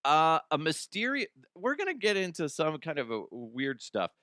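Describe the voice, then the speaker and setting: A man's voice: a little high, huge pitch swings, normal speed, pushed and bright, dry recording, studio quality. A man hosting a comedic news show, rambling bluntly through headlines, swearing and laughing at his own jokes. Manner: casual, blunt, frequent restarts. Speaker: host.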